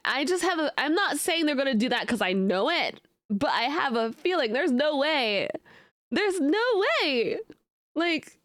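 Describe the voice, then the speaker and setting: A woman's voice: high-pitched, fairly bright tone, no echo, studio quality. A young woman streaming, chatting casually with her viewers in a playful way and often slipping into mock outrage. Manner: many fillers and restarts. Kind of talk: casual chat reacting to live chat.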